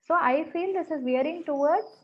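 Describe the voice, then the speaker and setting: A woman's voice: sits high, fast. A woman with a Telugu accent teaching translation online, explaining step by step and often putting questions to the class. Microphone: video call. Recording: dull lo-fi online call audio.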